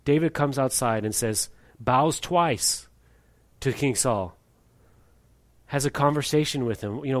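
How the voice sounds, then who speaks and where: A man preaching a sermon, animated, acting out voices in his story and reading scripture aloud. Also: mid-range voice, measured pace, long pauses. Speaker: pastor.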